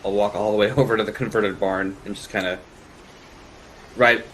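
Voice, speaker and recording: A man playing in a tabletop game, describing his actions in a relaxed, meandering way. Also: on the low side, moderate pace, a little hiss or hum, low-quality recording. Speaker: player.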